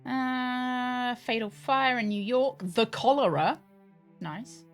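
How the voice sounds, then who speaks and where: A woman streamer reads game text aloud, stumbling and correcting herself mid-sentence and adding chatty, casual asides. Her voice is a little high and unhurried, with faint music behind her.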